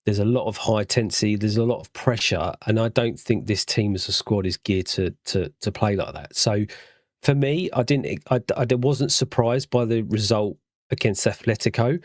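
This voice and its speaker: Guy, guest on fan chat, low voice, dry sound, thoughtful, halting. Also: dry recording. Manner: thoughtful, halting with fillers, sighs.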